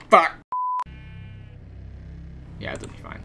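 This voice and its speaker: A man hosting a let's play, talking to himself and swearing excitably as he plays. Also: mid-range voice, slow, long pauses, background noise. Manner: profane, excitable, talks to himself. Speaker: gaming channel host. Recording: keyboard clicks and typing behind.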